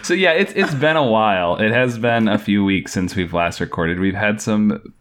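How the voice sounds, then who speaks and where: A man's voice: on the low side, normal speed, fairly bright tone. A man co-hosting a movie podcast, chatty and teasing in casual talk. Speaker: podcast co-host.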